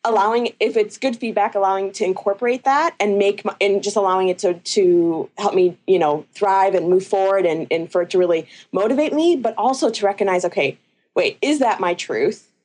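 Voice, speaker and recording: A woman in a relaxed conversation, circling her point with many fillers and restarts. Her pitch sits in the middle of the range. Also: fairly quick. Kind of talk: casual conversation.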